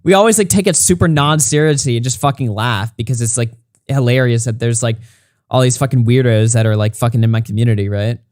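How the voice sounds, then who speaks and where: A man on a stream reacts to a critic's video with mocking, sarcastic, heavily profane commentary. His mid-range voice is a little mellow and fast, with fairly even intonation, on a dry, studio-quality recording.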